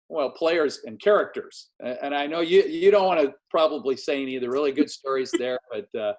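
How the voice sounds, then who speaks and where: A man hosting a casual interview over a video call, telling stories in an animated way and acting out what people said. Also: medium pitch, normal speed. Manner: animated storyteller, acts out quotes. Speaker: podcast host and former game announcer.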